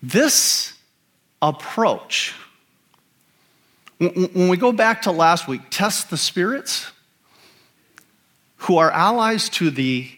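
A man's voice: sits high, expressive, slow, long pauses, fairly bright tone. A man preaching a sermon as pastor, emphatic and asking the congregation rhetorical questions.

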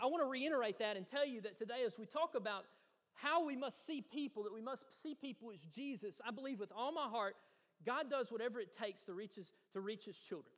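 In a church sanctuary, a male pastor preaches a sermon to his congregation in a high, carrying, slightly bright voice. He shares a personal story and builds to eager emphasis, each phrase trailed by the hall's long reverb.

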